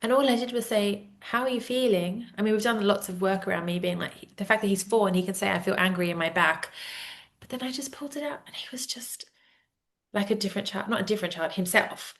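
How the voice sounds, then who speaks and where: Woman in her thirties, casual podcast host on a video call; chatty and animated, laughs a lot. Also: medium pitch, fast, few pauses. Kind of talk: casual conversation.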